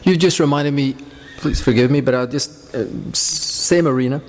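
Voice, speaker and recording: A man's voice: mid-range voice, normal speed, slight background noise. Rambling man telling stories in a hall. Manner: rambling, anecdotal, warm storytelling. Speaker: speaker leading a devotional group. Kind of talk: informal talk with questions.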